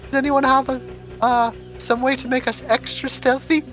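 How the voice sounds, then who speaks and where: A woman playing a tabletop game, chatting casually and thinking out loud as she plans. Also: high-pitched, flat delivery, moderate pace, music in the background.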